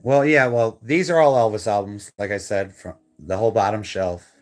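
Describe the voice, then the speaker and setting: A man's voice: on the low side, moderate pace. Chatty co-host man, casual rambling room-tour delivery, phone-filmed live stream at home. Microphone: handheld phone camera.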